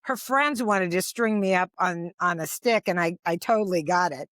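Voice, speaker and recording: A woman's voice: lowish voice, normal speed, fairly bright tone, no echo. A woman in her sixties, a stand-up comedian, telling stories as an interview guest, rambling with many restarts and fillers. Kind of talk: casual anecdotal storytelling.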